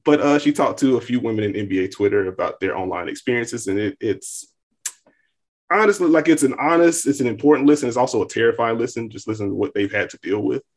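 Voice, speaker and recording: Speaking quickly in a mid-range voice, a young man co-hosts a podcast in a laid-back conversation. He hedges a lot and keeps slipping in amused asides.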